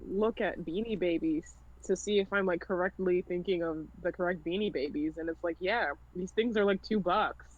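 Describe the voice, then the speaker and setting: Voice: medium pitch, moderate pace, hardly any pauses, narrow, tinny audio. A guest chatting on a stream in loose, rambling remarks. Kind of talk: casual chat.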